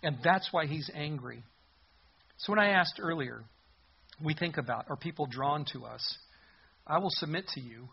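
A man preaching with a husky, somewhat high voice, lively and animated, acting out the voices in the passage. The recording sounds a little dull and muffled. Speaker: pastor. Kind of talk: sermon.

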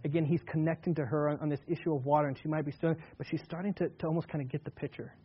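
A male pastor preaching a sermon in a relaxed, conversational way, slowing down to read scripture aloud with emphasis. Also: on the high side, breathy edge, highs cut off.

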